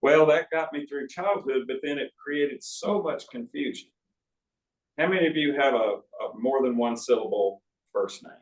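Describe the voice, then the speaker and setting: A man's voice: medium pitch, moderate pace. A man in his sixties, an author, telling folksy stories with asides to a live audience in an arts center auditorium. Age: 60s. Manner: folksy anecdotal storytelling with asides. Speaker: author at a book talk. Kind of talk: storytelling talk to an audience. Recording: roomy hall audio from a distance.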